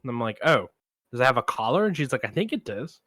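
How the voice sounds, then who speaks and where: Bright-voiced man telling a story. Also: mid-range voice, fast, no room sound. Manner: animated anecdote teller, acts out quoted voices. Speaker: podcast co-host. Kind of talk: casual storytelling chat.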